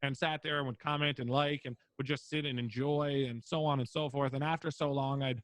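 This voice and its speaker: A man's voice: medium pitch, fairly even intonation, brisk, a bit bright, dry recording. A young man, a streamer guest on a podcast interview, talking casually with lots of fillers and free swearing. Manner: rambling, filler-heavy, swears freely.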